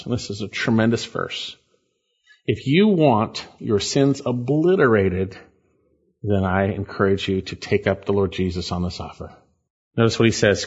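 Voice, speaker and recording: A man preaching a sermon, earnest and emphatic, slowing down to stress phrases and pleading with listeners. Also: fairly low pitch, husky, lo-fi sound.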